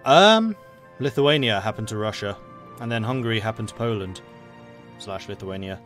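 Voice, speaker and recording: A man's voice: fairly low pitch, expressive, normal speed, a bit bright, soft background music. Chatty man streaming a strategy game. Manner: chatty, thinking aloud with fillers. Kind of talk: casual live gameplay commentary.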